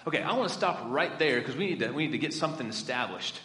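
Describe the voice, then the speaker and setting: A man's voice: medium pitch, animated, quick pace, sharp tone. Man preaching in an echoey hall. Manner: conversational, asks the audience questions. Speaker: youth minister preaching. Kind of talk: sermon. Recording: echoey hall with long reverb.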